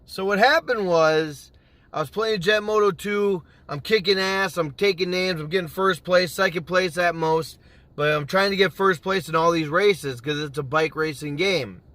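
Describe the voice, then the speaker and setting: A man telling a gaming story to camera in a casual, animated way, swearing freely and acting out what he said back then. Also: sits high, moderate pace, no room sound. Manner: animated, swears freely, acts out his own past lines. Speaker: gaming YouTuber.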